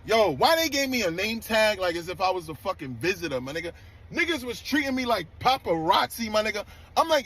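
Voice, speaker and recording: A man with a high, light voice tells a backstage story in rough street slang. He talks in a loose, animated, profane way, quick to get worked up. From New York. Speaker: DJ telling a story. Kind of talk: casual storytelling clip.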